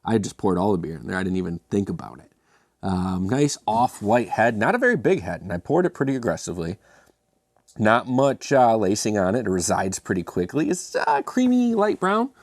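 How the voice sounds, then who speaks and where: A man's voice: fairly low pitch, lively intonation, fairly quick, no echo, clean studio sound. A man hosting a casual beer review, chatty and self-mocking with rambling asides.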